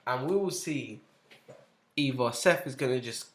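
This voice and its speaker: A young man with a middle-pitched voice, chatting bluntly on a podcast. He swears, grumbles and mocks with a whiny put-on voice. The room adds a roomy echo. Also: animated, measured pace, a bit bright. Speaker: podcast co-host. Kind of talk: casual chat.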